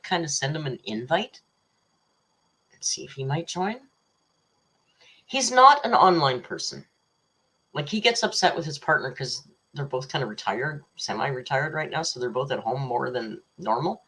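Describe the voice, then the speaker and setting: A woman with a low, husky voice hosts a relaxed livestream. She reads viewers' messages aloud and drifts into rambling, teasing chatter. She laughs often between her remarks. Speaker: livestream host. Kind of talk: casual live chat reading super chats.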